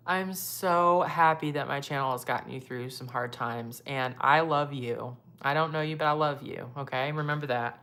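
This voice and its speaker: A young woman with a low voice, chatting casually to her viewers while doing her makeup. She reads out their comments and talks back to them, easy and unscripted. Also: moderate pace, hardly any pauses, fairly bright tone. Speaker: beauty vlogger.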